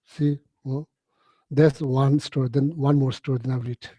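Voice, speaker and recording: A man giving a Buddhist teaching, telling stories in halting, repetitive phrases with many "you know"s and frequent throat-clearing. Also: medium pitch, flat delivery, dark tone, no echo. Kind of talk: storytelling dharma talk.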